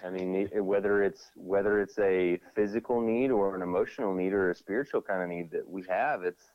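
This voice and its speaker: A man with a low voice chats on a faith podcast and acts out other people's lines as he tells stories. The recording is dry and a little dull in tone. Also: brisk, no echo. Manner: animated, acts out quoted voices. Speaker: podcast co-host. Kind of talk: casual faith podcast chat.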